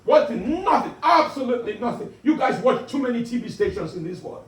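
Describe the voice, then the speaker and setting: A stand-up comedian plays a boastful, bombastic self-proclaimed African dictator, lecturing and teasing his audience in a booming, commanding voice that's animated and fairly quick. The pub gig room is echoey, with a distant mic, a loud crowd, and a little hiss or hum.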